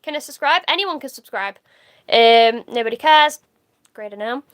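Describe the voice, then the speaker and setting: Woman livestreamer, high voice, chatty, swears offhand, reads viewer comments aloud. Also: lively intonation, moderate pace, a bit bright. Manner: chatty, laughs easily, swears casually. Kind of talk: casual live-stream chat reading comments.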